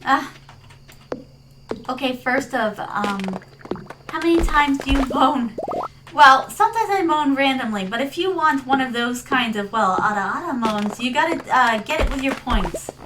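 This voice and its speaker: Chatty woman streamer, high bright-pitched voice, sprinkles in Japanese words and endearments, steady noisy background hiss. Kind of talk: casual live-stream gameplay chat.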